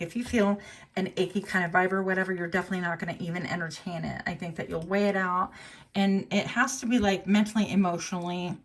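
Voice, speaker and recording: Her voice creaky and the recording carrying a faint hiss or hum, a woman gives a casual tarot reading. She's chatty and musing, with fillers and self-corrections, and sometimes jumps into a high voice to quote people.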